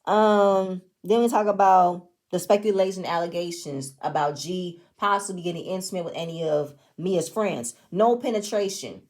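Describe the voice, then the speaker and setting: A woman's voice: on the low side, normal speed, hardly any pauses, a little mellow. A woman giving casual review commentary on a reality show, blunt, opinionated and often profane. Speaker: reality TV recapper.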